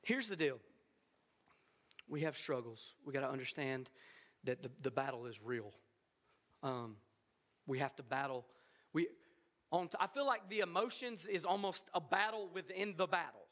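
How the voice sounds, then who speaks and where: A male pastor delivering an emphatic sermon, repeating phrases and swinging from quiet asides to shouting. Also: fairly high pitch, expressive, normal speed, pauses often.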